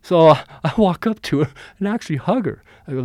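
A man's voice: a little high, brisk, no room sound. A middle-aged man recounting a story in a loose, conversational way, and his voice jumps up whenever he acts out what someone said. The sound is close and dry, with no room around it. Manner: animated, acts out quotes. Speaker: interviewee, former bodyguard. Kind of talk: casual storytelling.

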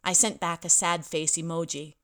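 A young woman narrates her own story, wry and quick to poke fun at herself. Her voice sits a little low. The delivery is plain, first-person storytelling. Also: little pitch movement, bright, forceful tone. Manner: wry, self-deprecating. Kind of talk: audiobook narration.

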